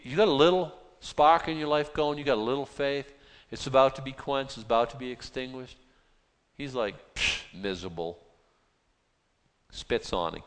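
Folksy pastor. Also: male voice, fairly low pitch. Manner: conversational, reads scripture aloud, folksy asides. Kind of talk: informal Bible-study sermon. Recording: long hall reverb.

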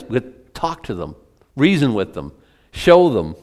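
A man's voice: mid-range voice, very animated, slow pace, darkish tone. A man giving a conversational Bible-teaching sermon as pastor, asking his listeners questions and adding chatty asides between scripture readings. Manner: asks the congregation questions, chatty asides, reads from old scripture.

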